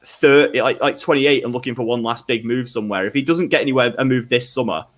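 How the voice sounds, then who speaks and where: A man's voice: mid-range voice, quick pace. A man talking football as a fan on a live stream, rambling with many restarts and fillers.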